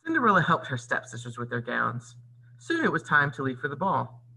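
A man reading a storybook aloud like a teacher, pausing to explain the story. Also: medium pitch, vocal fry, slight background noise, low-quality recording. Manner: expressive, teacherly. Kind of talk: read-aloud storybook narration with comments.

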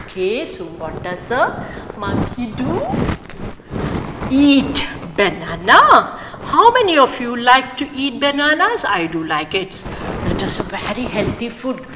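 A woman teaching young children, speaking slowly with a high, lively voice that rises and falls a lot. She spells words out letter by letter and puts questions to the class. An echoey room with loud background noise surrounds her. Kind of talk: children's English lesson.

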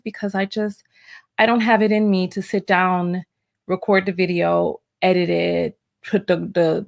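A woman relationship coach hosting a live stream, chatting and reading posts aloud, sometimes tripping over her words. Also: a little mellow. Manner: chatty, stumbles over words, voices quoted texts with big pitch jumps. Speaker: relationship coach, livestream host. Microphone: livestream mic.

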